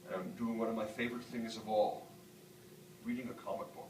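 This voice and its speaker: A man's voice: lowish voice, steady tone, a little fast, darkish tone, recorded from a distance, slight background noise. A middle-aged man from the northern United States speaking as an author to students, telling reflective stories with frequent "um" fillers. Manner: reflective storyteller, many "um" fillers. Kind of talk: lecture talk with audience Q&A. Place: university lecture hall. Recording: echoey hall picked up from afar.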